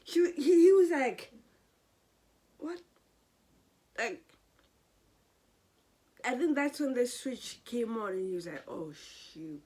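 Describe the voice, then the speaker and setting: Slow-talking woman recapping. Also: fairly high pitch. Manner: animated, exasperated. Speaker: soap opera recap vlogger. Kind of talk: casual episode recap.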